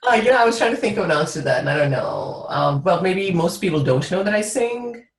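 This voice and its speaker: Woman guest chatting in an interview, lowish voice that swings all over, laughs a lot, echoey room. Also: quick pace. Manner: expressive, laughs often. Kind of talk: casual interview chat. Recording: roomy echo.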